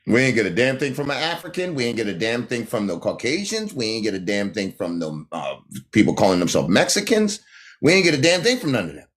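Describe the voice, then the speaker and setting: A man's voice: medium pitch, big pitch swings, fast talker, fairly bright tone. Confrontational man ranting on livestream. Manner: confrontational, taunting, addresses viewers directly. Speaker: livestream host. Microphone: phone livestream.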